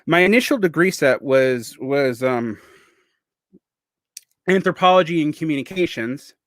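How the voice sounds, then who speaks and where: A man's voice: a little high, animated, unhurried, a bit bright, no echo. A man of about forty, from the Southern United States, with a faint Southern accent and a speech impediment that blurs his r, l and w sounds, talking in a rambling, digressive vlog monologue full of restarts. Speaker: vlogger. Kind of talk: casual monologue.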